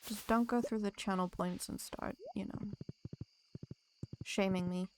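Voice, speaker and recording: A woman's voice: medium pitch, fairly even intonation, measured pace, slight background noise. A woman streamer chatting casually with her live viewers while she plays, teasing them back in a playful way and laughing often.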